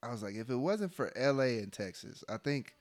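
A young man in casual chat, laid-back and slangy, often trailing off into a quiet mumble. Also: mid-range voice, lively intonation, a little fast.

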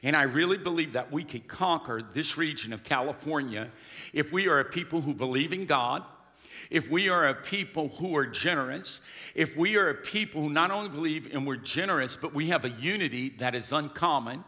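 Male pastor, emphatic call-and-response preaching, bright tone, long church-hall reverb. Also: a little high, brisk. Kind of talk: sermon. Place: church sanctuary.

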